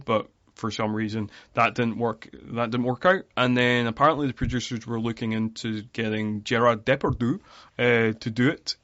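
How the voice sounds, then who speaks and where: A man's voice: mid-range voice, fairly bright tone, no room sound, highs cut off. A man co-hosting a podcast, chatting casually about a film and sharing research facts. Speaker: podcast co-host.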